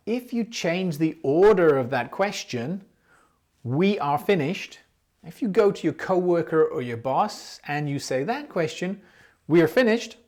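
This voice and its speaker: English teacher with lively intonation. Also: medium pitch. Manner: clear, patient explaining, with example questions spoken aloud. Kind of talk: explaining an English lesson.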